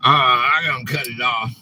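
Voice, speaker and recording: A man hosting a casual live stream, rambling and quick to get frustrated, saying "man" a lot. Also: medium pitch, bright, forceful tone, slight background noise, poor audio. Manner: rambling, easily frustrated, says "man" often.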